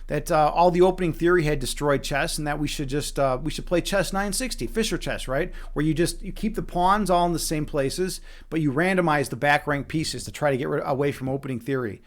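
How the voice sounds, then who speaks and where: A man's voice: a little high, a little fast, hardly any pauses. A young man from Chicago with a Chicago accent, commentating live on his own chess games and swearing freely as he reads chat. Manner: animated, swearing, talks to chat while playing. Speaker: streamer.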